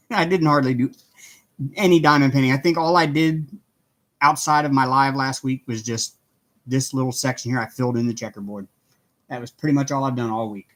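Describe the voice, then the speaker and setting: A man's voice: mid-range voice, normal speed, pauses often, a bit bright. A middle-aged man hosting a casual craft livestream from home, chatting with viewers, greeting them by name and laughing often. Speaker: livestream host.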